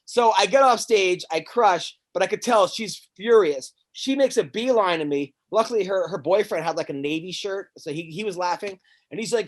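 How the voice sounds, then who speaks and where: A stand-up comic hosting a podcast, a man with a high voice, rattles through a wild story with lots of swearing. He keeps tripping over his words and starting over, animated the whole way through. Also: normal speed. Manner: animated, profane, stammering restarts. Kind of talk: casual chat, rambling storytelling.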